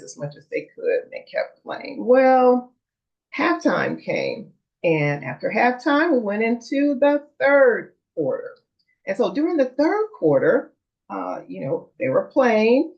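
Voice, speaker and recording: A woman's voice: fairly low pitch, vocal fry. A middle-aged woman vlogger telling a personal story in a chatty way, with plenty of fillers. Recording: dull lo-fi recording.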